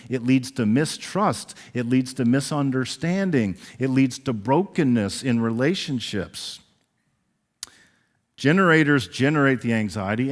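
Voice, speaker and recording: A man preaching a sermon as pastor, animated and acting out the voices he quotes. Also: fairly high pitch. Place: church sanctuary. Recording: long reverb of a large church hall.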